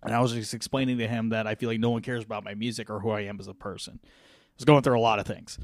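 A man's voice: lowish voice, level tone, very fast, no room sound. Profane storytelling man, bone-dry sound. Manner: profane, rambling, laughs through his own story. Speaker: podcast co-host. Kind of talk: casual storytelling chat.

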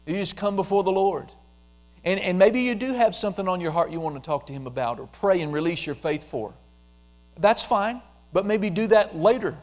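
A man preaching a conversational sermon, repeating phrases and dropping into a soft, quiet voice when he prays aloud. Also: sits high, normal speed. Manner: conversational, repetitive, drops softly into prayer voice.

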